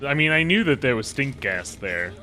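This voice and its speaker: A man's voice: mid-range voice, sing-song, moderate pace, sharp tone, soft background music. A man chatting casually while playing a video game, rambling, swearing freely and trailing off mid-sentence. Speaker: gameplay commentator.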